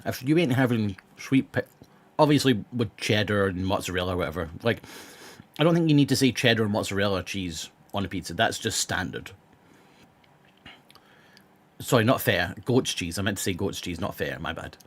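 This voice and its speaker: A man with a sore throat riffs on food to his live-stream chat. He speaks in a lowish voice, blunt and rambling, with plenty of swearing and many restarts. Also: lively intonation, a little fast.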